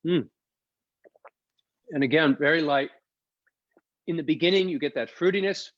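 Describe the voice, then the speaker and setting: A man's voice: a little high, moderate pace, dry recording, highs cut off. A man co-founding a winery, presenting a live online wine tasting in an enthusiastic, chatty way and explaining as he tastes. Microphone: video call.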